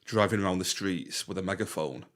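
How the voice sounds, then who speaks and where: A man's voice: sits low, fairly quick. A man co-hosting a podcast, chatting casually and retelling funny scenes with frequent laughter. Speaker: podcast co-host. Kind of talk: casual chat.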